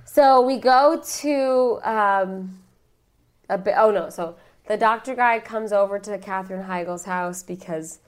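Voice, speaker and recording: A woman's voice: mid-range voice, slow pace. A woman in casual podcast chat, bluntly recapping movie scenes and mimicking the characters.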